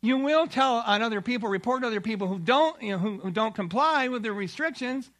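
A man's voice: extremely high pitch, animated, fairly quick, voice pushed up. A man in a sermon voicing an angry, domineering ancient king who barks commands. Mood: angry demanding. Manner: commanding, shouting orders. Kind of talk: sermon retelling with acted quotes.

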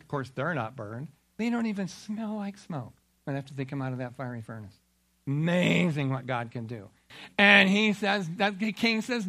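High, bright-voiced preacher. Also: male voice, normal speed. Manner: animated storytelling with acted-out quotes. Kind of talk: sermon.

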